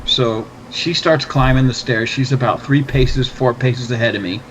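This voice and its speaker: A man's voice: medium pitch, steady tone, moderate pace, a bit bright. Profane man telling a bar story. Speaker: podcast host. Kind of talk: casual storytelling chat. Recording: slightly dull, faint background noise.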